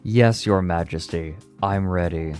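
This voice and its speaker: Wry man with a lowish voice. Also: unhurried, darkish tone, soft background music. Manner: laid-back, wry, joking. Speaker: streamer. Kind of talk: casual stream chat, reading aloud.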